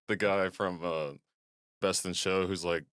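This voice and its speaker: A man's voice: low-pitched, steady tone, slow, a bit bright, dry recording, studio quality. A man co-hosting a podcast, reacting with short comments and laughs in casual chat. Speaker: podcast co-host.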